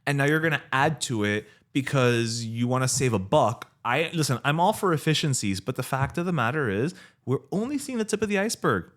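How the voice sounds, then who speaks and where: A man co-hosting a podcast, holding forth in animated rants. His voice sits at an ordinary middle pitch. He slips into mocking impressions of people he quotes, then returns to casual chat. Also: brisk. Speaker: podcast co-host.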